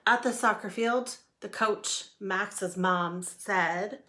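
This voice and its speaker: A woman reading a children's picture book aloud in a lively, expressive way. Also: medium pitch, slow pace. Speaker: storyteller. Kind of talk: children's storybook read-aloud.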